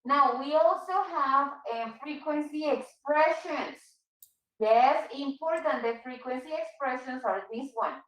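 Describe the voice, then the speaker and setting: A patient woman teaching an English class, going over examples and repeating them slowly. Her voice sits high, and the room around her sounds echoey. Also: a bit bright, distant mic. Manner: patient, repeats and explains slowly, switches into Spanish. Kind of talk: online English class for Spanish speakers.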